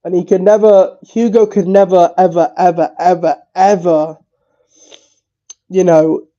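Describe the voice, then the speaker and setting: A tearful man streaming, speaking haltingly with repeated words and swearing. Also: sits high, fairly even intonation, warm tone, highs cut off. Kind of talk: emotional livestream talk.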